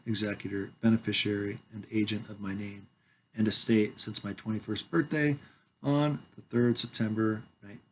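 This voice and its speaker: A man's voice: on the low side, a little hiss or hum. A man in his forties from Washington state reading a legal declaration aloud into a headset mic, sometimes mumbling and trailing off, with playful asides. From Washington, United States. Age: 40s. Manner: playful, joking asides between formal reading. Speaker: video host reading his own documents.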